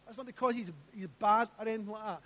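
A pastor preaching in a strikingly high voice. He hammers his points by repeating them and throws questions out to the congregation. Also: steady tone, quick pace, fairly bright tone. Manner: emphatic, repeats phrases, asks the congregation questions. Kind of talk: sermon. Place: church.

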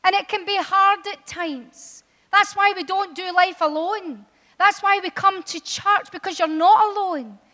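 A woman preaching a sermon in a church, impassioned and building to loud, emphatic appeals. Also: very high voice, unhurried. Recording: long hall reverb.

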